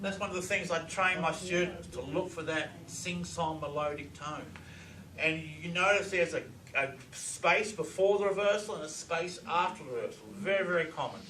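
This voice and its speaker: A man's voice: a little high, normal speed, bright, forceful tone, slight background noise. A man giving a lecture presentation, explaining clips in a matter-of-fact way with frequent fillers. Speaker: presenter on reverse speech. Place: lecture room with audience. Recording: echoey room, distant mic.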